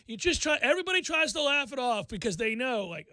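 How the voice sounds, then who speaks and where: A man hosting a sports talk radio show, excitable and animated, acting out quotes and laughing often. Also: extremely high pitch, quick pace, few pauses, no echo.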